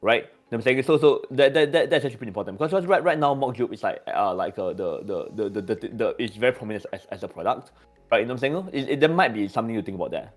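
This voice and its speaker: A man's voice: medium pitch, animated, racing. Guy on a voice chat, stutters and restarts a lot, lots of "like" and "you know", a bit of music faint behind. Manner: stammering, many repeated words and fillers. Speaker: community member. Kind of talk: casual voice-chat discussion.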